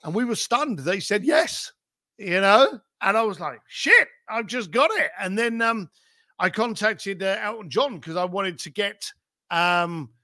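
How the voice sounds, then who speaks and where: Unhurried yet animated, a middle-aged man guesting on a podcast shares business stories in a bright, sharp, high-pitched voice. He piles up rhetorical questions and swears freely. The recording is close and dry, with no echo.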